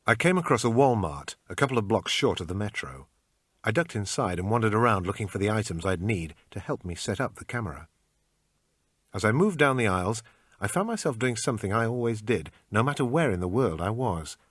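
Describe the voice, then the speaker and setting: Low husky guy reading a thriller, dry and matter-of-fact, voice moves around a lot, dead dry room. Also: sing-song, a little fast, no room sound. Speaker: audiobook narrator. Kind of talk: first-person thriller narration.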